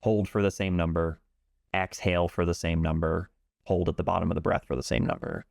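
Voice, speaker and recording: A man working as a pool instructor, explaining calmly and in measured terms during an interview. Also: deep voice, creaky, no echo, clean studio sound. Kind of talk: interview talk.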